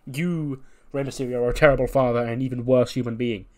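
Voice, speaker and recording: A man voicing a flustered male wrestler who steps in to calm a fight in a hurried, placating manner. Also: mid-range voice, natural voice.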